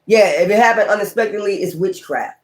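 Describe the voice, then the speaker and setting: High-voiced man giving a blunt tarot reading. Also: a little fast, noisy background. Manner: blunt, profane, rambling and preachy. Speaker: tarot reader. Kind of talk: casual tarot reading monologue.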